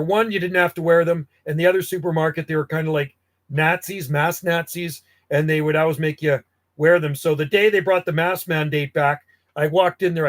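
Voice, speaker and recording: A middle-aged man ranting bluntly in casual talk, grumbling and swearing as he tells stories. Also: a little high. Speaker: radio hobbyist livestream host. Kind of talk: casual rant.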